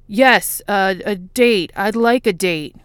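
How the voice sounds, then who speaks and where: A woman reading the lines of a shy, awkward nerdy man in a fan fiction audiobook, halting and earnest with nervous energy. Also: medium pitch, clean tone, no echo, lightly acted.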